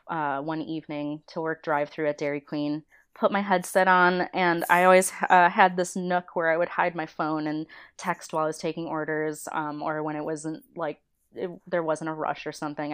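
Her voice sits low and clean as she talks at a moderate pace. This thirty-something storyboard artist, appearing as an interview guest, spins lively stories in casual conversation, laughing often and performing the voices of the people she quotes.

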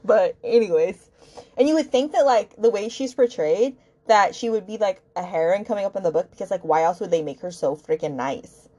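A woman's voice: medium pitch, lively intonation, brisk, darkish tone. A woman hosting a book podcast, ranting casually in an exasperated, rambling way with lots of fillers.

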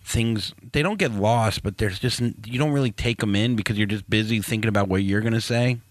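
A man's voice: fairly low pitch, brisk, no echo. A man from Florida with a light Southern twang, hosting a podcast in crude, joking casual chat. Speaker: podcast host.

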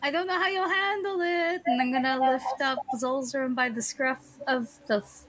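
A woman's voice: high-pitched, normal speed, a bit bright. A woman playing in a tabletop game, chatting casually and playfully in character. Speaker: player.

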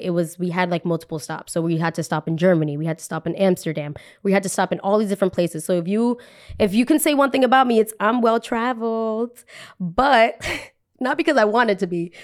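A young adult woman hosting a podcast, telling a personal story in a casual, chatty way, repeating phrases for emphasis and saying "like" often. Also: medium pitch.

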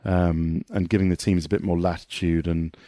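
A man talking as a motorsport pundit guest in a casual podcast conversation, animated and rambling, with many restarts. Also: sits low, normal speed, dry recording, studio quality.

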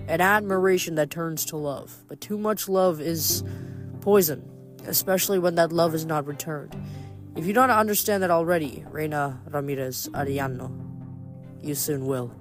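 Brief: a smooth-talking, menacing giant hunter, male, voiced by the reader, from an audiobook. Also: mid-range voice, moderate pace, faint music behind, natural voice. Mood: smooth menace.

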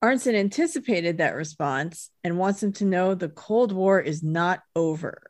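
An American woman co-hosting a podcast, chatting casually about a TV episode, friendly and quick to laugh. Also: on the low side, expressive, a little mellow, no echo, studio quality. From United States. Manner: laughs easily, friendly and agreeable. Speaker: podcast co-host. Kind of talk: casual chat recapping a TV episode.

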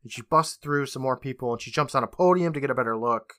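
Brief: male podcast host retelling a show with sarcastic, swearing asides; bright tone. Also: mid-range voice, fast, no echo, clean studio sound. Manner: loose, profane, sarcastic retelling. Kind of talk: casual episode recap.

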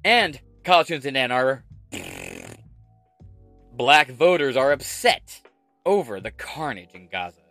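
A man's voice: medium pitch, lively intonation, unhurried, pauses often, a bit bright, no echo, soft background music. A man hosting political commentary, reading an article aloud and ranting over it with heavy swearing and sarcasm.

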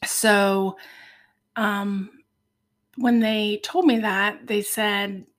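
A woman from Ohio, a podcast guest, tells her faith story in an earnest, heartfelt way with many pauses. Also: medium pitch, fairly even intonation. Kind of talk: personal faith testimony.

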